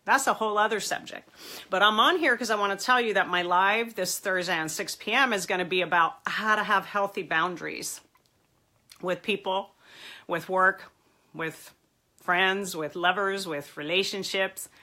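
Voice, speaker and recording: A woman's voice: mid-range voice, normal speed, pushed and bright. A woman therapist with a stuffy nose and a nasal voice, chatting casually and encouragingly to viewers in a live video. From Southern California. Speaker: marriage and family therapist.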